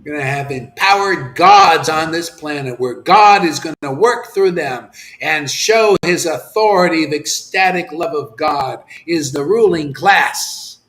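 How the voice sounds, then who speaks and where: A man with a fairly high-pitched, unhurried voice delivers an impassioned sermon as a spiritual teacher. He swings between shouts and hushed near-whispers, tossing in casual slang, and the recording has a roomy, echoey sound.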